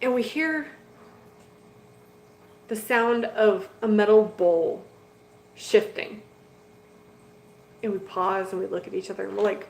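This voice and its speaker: A woman's voice: medium pitch, fairly even intonation, slow, gravelly, pauses often, slight background noise. A middle-aged woman, host of a hobby channel, chatting casually with viewers as she tells a story, laughing often. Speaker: betta fish channel host. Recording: echoey room.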